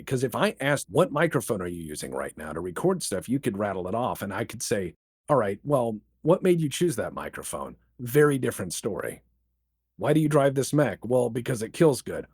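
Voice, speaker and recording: A man guest on a podcast, talking casually and firing off rhetorical questions in a lively way. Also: medium pitch, husky, no echo, studio quality. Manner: animated, rapid-fire rhetorical questions. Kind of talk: casual interview chat.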